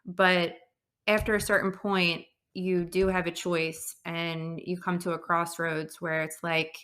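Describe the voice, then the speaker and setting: Earnest woman podcast host, bright voice. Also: fairly low pitch, little pitch movement. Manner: earnest, reflective, frequent "um" pauses. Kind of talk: personal storytelling monologue.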